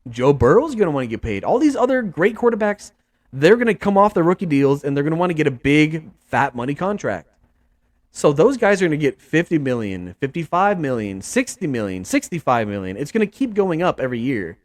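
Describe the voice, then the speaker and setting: A young man hosts a casual sports podcast, talking in a loose, repetitive rant. His voice sits a bit high and swings widely up and down, jumping higher when he mimics what other people say. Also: fairly quick. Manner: animated, repetitive, swings pitch up for mock quotes. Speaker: podcast host.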